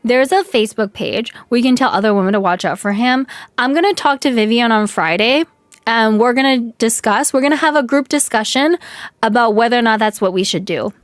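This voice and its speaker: Hoarse young woman venting on stream. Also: on the high side, a little fast, dry recording. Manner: venting, animated, lots of "like". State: hoarse from yelling. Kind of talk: casual live-stream chat.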